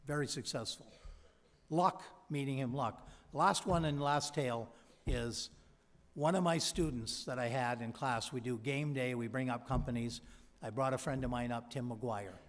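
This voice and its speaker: A man's voice: mid-range voice, normal speed. A man giving a convocation speech from a podium, telling stories and quoting people he met. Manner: storytelling, quoting others. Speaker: convocation speaker. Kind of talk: ceremonial speech with anecdotes. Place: large hall. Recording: long hall reverb.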